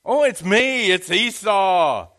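A man doing a sly, high-voiced younger son. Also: animated, slow pace, pushed and bright, exaggerated voice. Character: sly younger son faking his brother.

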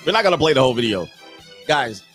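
A man's voice: mid-range voice, very animated, quick pace, fairly bright tone, faint music behind. Emphatic man hosting a reaction show. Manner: emphatic, preachy, repeats points for stress. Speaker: host.

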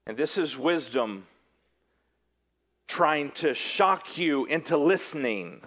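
A man preaching a sermon in an earnest way, often dropping low and quiet at the ends of phrases. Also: muffled recording. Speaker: pastor.

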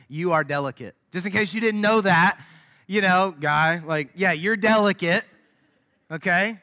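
A man with a high, bright voice preaches to his congregation in a casual, chatty way. He often slips into soft, quiet asides. His voice rings with the long reverb of a large church hall. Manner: conversational preaching with sudden drops to soft asides. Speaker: pastor. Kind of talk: sermon.

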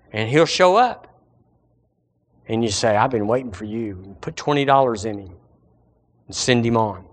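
A man preaching a sermon as pastor, animated and acting out the voices of his listeners. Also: medium pitch.

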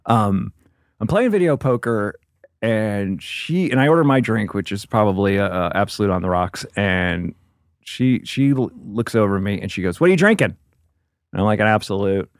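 A man's voice: on the low side, animated, moderate pace, no echo, studio quality. A man, a comedian, telling a rambling casual story, laughing as he goes and acting out voices. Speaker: comedian guest.

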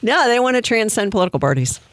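A man's voice: sits high, sing-song, fast talker, fairly bright tone, no echo. A man giving mocking, incredulous commentary on a song and reading its lyrics aloud. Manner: mocking, incredulous, laughing asides.

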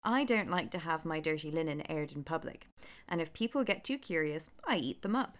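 A woman's voice: low voice, lively intonation, a little fast. A woman reading aloud, voicing a grumpy, threatening old witch in a storybook. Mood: stern.

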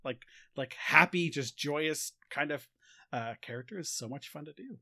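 Bright, lively man from New York. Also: fairly high pitch, normal speed, creaky, no room sound, studio quality. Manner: animated, jokey, breaks into goofy voices. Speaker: podcast co-host. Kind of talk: casual chat.

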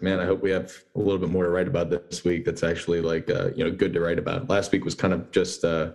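Deep-voiced sportswriter guest. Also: male voice. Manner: relaxed, filler-heavy explaining. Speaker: beat writer guest. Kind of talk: casual sports talk.

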